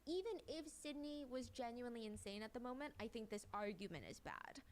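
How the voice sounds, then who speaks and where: A woman's voice: a little high, expressive, a little fast, a little hiss or hum. A woman giving a conversational, step-by-step recap of a court case as a true-crime commentator. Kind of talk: recapping a trial to a co-host.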